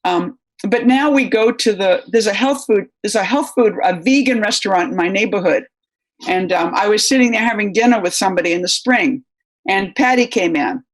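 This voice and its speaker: A woman's voice: mid-range voice, animated, moderate pace. An older American woman, a guest writer, answering interview questions in a rambling, anecdotal way with many fillers.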